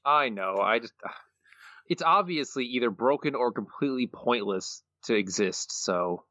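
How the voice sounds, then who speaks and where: A man's voice: medium pitch, lively intonation, normal speed, bright, forceful tone, no room sound. A man co-hosting a podcast, talking in a dry, laconic way in casual chat. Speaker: podcast co-host. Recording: dull, dry podcast audio.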